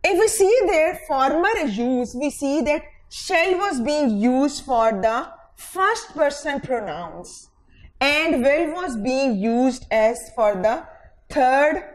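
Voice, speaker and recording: This woman's voice is high, with lively intonation and a slow pace. Lecturing on English grammar with a Pakistani English accent, she dictates examples one word at a time and checks in with "fine" between points. The recording quality is poor.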